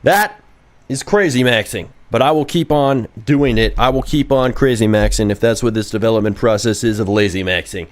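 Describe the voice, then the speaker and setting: A man's voice: on the low side, a little fast, few pauses. Brash, profane young man livestreaming. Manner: brash, profane, excitable rambling; reads viewer chat questions aloud and answers. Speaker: game developer streaming live. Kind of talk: casual livestream chat while coding.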